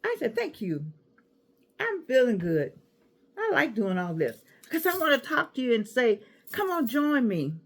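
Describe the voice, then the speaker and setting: Sassy older woman, lively pitch. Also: measured pace. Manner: chatty, sassy, digressive, laughs easily. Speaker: vlogger giving life advice. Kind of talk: casual chat to camera.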